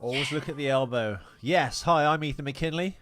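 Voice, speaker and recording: A man's voice: a little high, moderate pace, background noise. A man co-hosting a podcast in a studio, rambling and joking crudely in casual banter. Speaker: podcast co-host.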